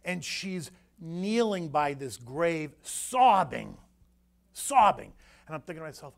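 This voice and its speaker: American guy talking to a crowd, kinda high voice, rambles and repeats himself, gets all worked up telling a story. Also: big pitch swings, normal speed, vocal fry. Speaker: guest speaker, floor broker. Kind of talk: casual emotional storytelling talk.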